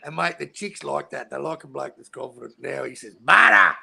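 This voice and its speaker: Gravelly, rowdy Australian man. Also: medium pitch, a little fast, a crowd in the background. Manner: rowdy, swearing, storytelling. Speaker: podcast host. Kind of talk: casual chat.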